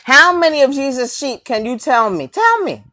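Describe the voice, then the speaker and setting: High-voiced woman delivering a mocking rant. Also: lively intonation, moderate pace, sharp tone. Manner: mocking, confrontational, rhetorical questions, repeats her lines. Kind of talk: preachy video rant.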